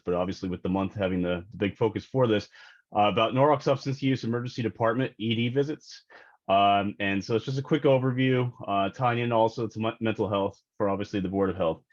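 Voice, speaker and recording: Male analyst, explanatory, filler-heavy, rushed; muffled video-call sound. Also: lowish voice. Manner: explanatory, many fillers, rushing through slides. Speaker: health department data analyst. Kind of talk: presenting at a public board meeting.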